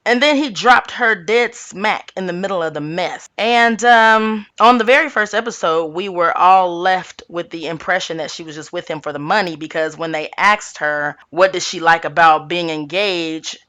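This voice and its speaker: A woman with a lowish voice and a bright, forceful edge talks through a casual gossip recap. She is sassy and chatty, loose and informal, and keeps dropping in "okay" as she goes. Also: moderate pace, few pauses. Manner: speaks informally on her channel, by her own account. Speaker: tarot channel host.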